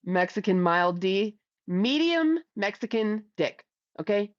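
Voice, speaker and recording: A woman's voice: medium pitch, lively intonation, takes it slowly, dry recording, muffled recording. A middle-aged woman from Ohio hosting a livestream, reading chat aloud in a blunt, crude, chatty way. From Ohio, USA.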